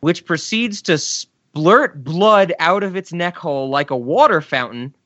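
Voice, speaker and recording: A man co-hosting a casual podcast, his bright, slightly higher voice swinging up and down as he talks. He laughs often and tosses in quick asides. The sound is dry and a little dull and lo-fi. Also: expressive, no room sound. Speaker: podcast co-host. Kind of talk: casual chat about sketch comedy.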